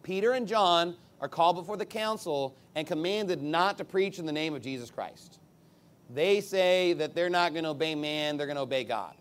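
Male preacher, high voice, emphatic, conversational sermon. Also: normal speed, smooth. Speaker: pastor.

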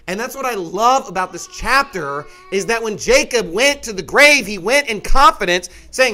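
A middle-aged man delivering a sermon in a folksy, conversational way. His voice sits high and bright, and he keeps it animated, slipping in mocking asides as he goes. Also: moderate pace. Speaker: preacher.

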